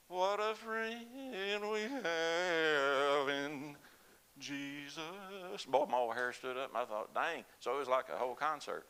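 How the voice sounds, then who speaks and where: An older man, a lay speaker at a church service, tells the congregation a personal story in a folksy, conversational manner full of laughs and asides. His fairly low voice sounds pushed and bright. The recording is rough.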